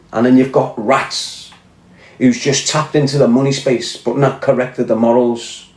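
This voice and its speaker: A man's voice: mid-range voice, a little mellow. Fiery man ranting, roomy echo. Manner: blunt, profane, accusing. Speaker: podcast guest. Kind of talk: heated storytelling rant.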